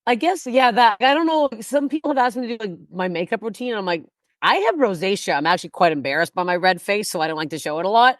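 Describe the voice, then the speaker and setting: A woman's voice: mid-range voice, animated, fast, no echo, studio quality. Blunt, profane woman comedian chatting. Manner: blunt, profane, rambling with restarts. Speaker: guest comedian. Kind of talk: casual podcast chat.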